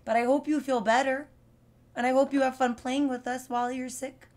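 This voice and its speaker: A young adult woman teaching young children live, speaking slowly with exaggerated, repeated words for them to copy, her voice still not fully recovered. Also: high-pitched, flat delivery, darkish tone. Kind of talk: live sing-song lesson for young children.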